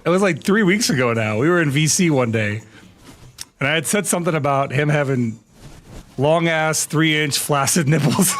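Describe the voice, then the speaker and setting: A man's voice: a little high, lively intonation, normal speed, fairly bright tone, a little hiss or hum. A man chatting casually on a live stream, telling crude jokes and breaking into frequent laughter.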